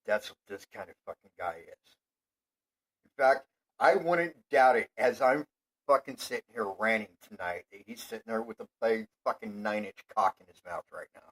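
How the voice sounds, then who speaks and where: A man hosting his own show, delivering a profane, rambling monologue that swears constantly and flares into heated yelling. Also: lowish voice, normal speed, rough recording.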